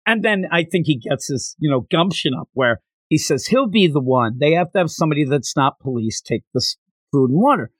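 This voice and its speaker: A man in a casual podcast chat, recapping with animated energy and acting out lines with sudden leaps in pitch. His voice sits a little high for a man. The sound is dry and close, with no room echo. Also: a little fast. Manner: animated, acts out quotes with jumps in pitch. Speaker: podcast co-host.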